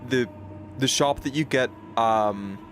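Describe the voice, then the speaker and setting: A British man chats loosely with his stream viewers, wandering between thoughts and restarting sentences as he goes. His voice sits at an everyday middle pitch, and a faint hiss of background noise runs under the recording. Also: slow pace, fairly bright tone. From United Kingdom. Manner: rambling, many fillers and restarts, reacts to chat. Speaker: game streamer. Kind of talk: casual chat with stream chat.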